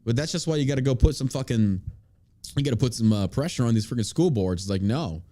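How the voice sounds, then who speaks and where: Male podcast host, angry profane rant, lively pitch, warm dark tone. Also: quick pace. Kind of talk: casual podcast chat.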